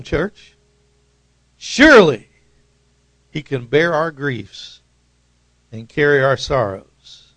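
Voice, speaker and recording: A man's voice: fairly high pitch, vocal fry, no echo. A middle-aged man preaching a sermon as pastor, reading scripture and building to emphatic, repeated outbursts. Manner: preaching with rising emphatic bursts and repeated words.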